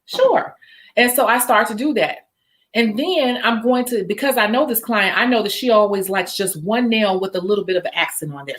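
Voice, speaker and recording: A woman's voice: medium pitch, normal speed, fairly bright tone. Chatty woman coaching nail techs. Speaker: nail tech educator. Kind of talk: instructional chat with role-play demo.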